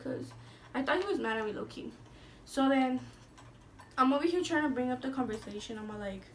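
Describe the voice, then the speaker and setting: Talking fairly quickly and pausing often, a young beauty vlogger with a high voice recounts a story in a casual monologue, full of swearing, "like," and Spanish slang. The recording picks up a little hiss or hum, and her voice sounds a bit distant from the mic.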